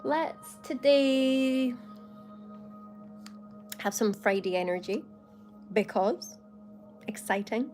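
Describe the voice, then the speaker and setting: A woman's voice: on the high side, slow, pauses often, darkish tone, faint music behind. A Scottish woman hosting a casual livestream, bubbly and laughing often as she chats to viewers by name. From Scotland. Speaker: livestream host. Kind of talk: casual live chat with viewers.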